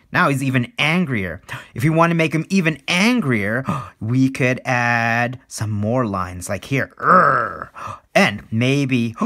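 A man coaching children through a playful drawing lesson at his art desk, animated, with gasps and little sound effects. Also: mid-range voice. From Canada.

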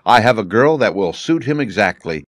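A man's voice: lowish voice, very animated, normal speed, dry recording, studio quality. A man voicing a gracious sultana. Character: royal female Sultana, gracious.

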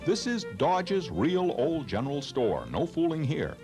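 Excited New England travel show host. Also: male voice, fairly high pitch, unhurried, over music. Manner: enthusiastic, exclaiming. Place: outdoors on location.

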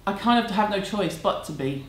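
A woman's voice: mid-range voice, animated, normal speed. A woman, answering viewer questions at home in a candid, chatty, self-deprecating way. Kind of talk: casual chat. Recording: echoey room, faint background hum.

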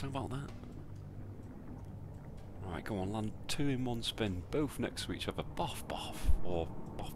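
Over background noise, a man with a low voice and a British accent narrates his own slot spins casually. He swears, gets sarcastic and mutters under his breath between outbursts.

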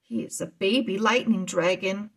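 A woman voicing a steady, helpful young boy hero in a children's read-aloud story. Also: mid-range voice, moderate pace, gravelly, slightly rough. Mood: reassuring.

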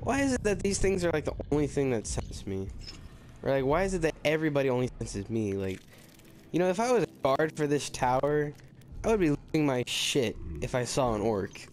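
A man giving let's-play commentary, excitable and full of swearing and rambling asides. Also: a little high, brisk. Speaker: gamer. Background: game music.

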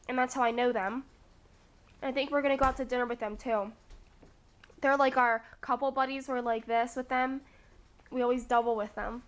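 A woman's voice: high voice, fairly bright tone. A young woman with a South Jersey accent, chatting casually to the camera in a vlog, giggly and talkative. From New Jersey, USA. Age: young adult. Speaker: vlogger.

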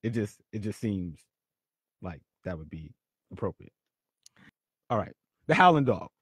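Lively, animated man hosting a podcast. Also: fairly low pitch, a little slow, husky, no room sound. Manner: animated, repeats words, punchy delivery. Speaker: podcast host. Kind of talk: storytelling monologue.

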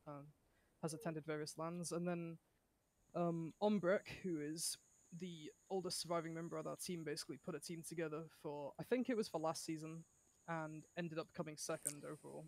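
A man who is a guest player chats on a live stream. His voice is a bit high for a man, and his manner is relaxed as he explains things with the odd filler. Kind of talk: casual live-stream chat.

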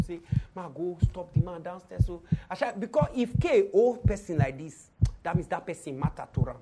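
A woman with a Nigerian Pidgin accent, hosting a podcast and telling an event story with hushed asides and loud outbursts. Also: on the low side, normal speed, few pauses, over loud music. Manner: animated, swings from hushed asides to loud exclaims. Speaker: podcast host.

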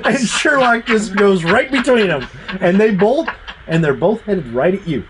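A man runs a tabletop game, narrating scenes with lively, animated storytelling and sound effects. His voice sits a bit high and moves a lot. Faint background noise sits under it. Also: normal speed. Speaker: game master.

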